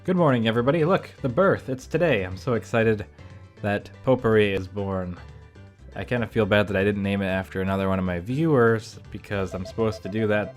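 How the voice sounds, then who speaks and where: A man talking casually over his gameplay as a YouTuber, thinking out loud with rambling asides. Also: fairly low pitch. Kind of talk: casual let's-play commentary.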